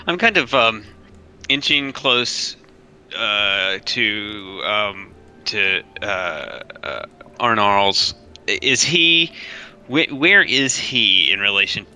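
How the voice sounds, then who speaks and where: Male player, bright sharp tone, friendly coaxing delivery with restarts. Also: lowish voice, lively intonation, slow, clear, resonant tone, rough recording. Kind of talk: playing a tabletop game.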